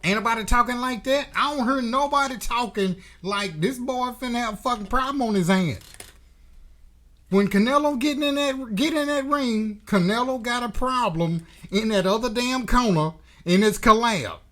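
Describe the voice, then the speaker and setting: A man's voice: extremely high pitch, normal speed, pushed and bright. A man hosting a boxing commentary channel, delivering a blunt, profane, emphatic opinion rant.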